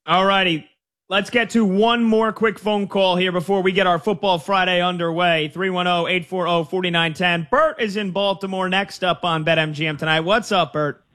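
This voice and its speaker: A male sports radio host with a high, bright voice. He talks in an upbeat, casual way, calling callers man and brother. He runs through game previews with steady energy. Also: normal speed.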